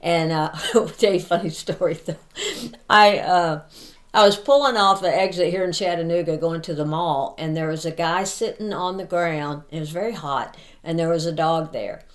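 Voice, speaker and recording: Woman, podcast co-host, low-pitched voice, easygoing storyteller, casual chat. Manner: easygoing storyteller, quick to laugh.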